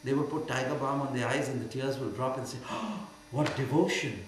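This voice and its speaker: An older man with an Indian accent gives a spiritual Q&A talk, emphatic and often mocking. His voice sits at a middle pitch. It rings through a very echoey hall over a faint mains hum. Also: little pitch movement, quick pace. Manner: emphatic, swings from quiet to loud and mocking. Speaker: spiritual teacher.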